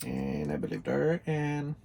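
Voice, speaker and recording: Brief: low, gravelly man, lively pitch, dry teasing banter. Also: unhurried. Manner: dry, teasing, few words. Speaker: co-host. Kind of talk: casual chat.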